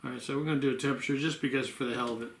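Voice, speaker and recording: Sleepy guy rambling at home, middle pitch, roomy echo. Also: fairly even intonation, rapid-fire, a bit bright, a little hiss or hum. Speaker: vlogger. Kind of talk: casual home health vlog. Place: home room.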